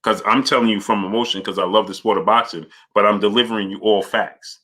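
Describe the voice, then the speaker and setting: A man hosting a live boxing stream, greeting viewers by name and arguing his points forcefully. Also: on the low side, fairly even intonation, fast. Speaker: boxing channel host. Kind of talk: live-stream chat and commentary.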